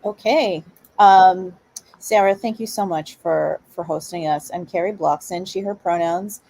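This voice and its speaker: A woman's voice: fairly low pitch, measured pace, warm tone, low-quality recording. A woman panelist introducing herself on a video call, friendly and a little hesitant. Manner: friendly, slightly hesitant with fillers.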